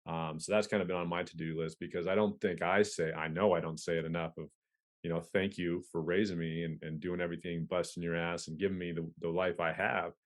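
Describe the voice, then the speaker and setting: Deep-voiced man, candid and casual. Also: little pitch movement, fairly quick. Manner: candid, profane, stop-start. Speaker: podcast guest, police officer. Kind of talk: casual conversation.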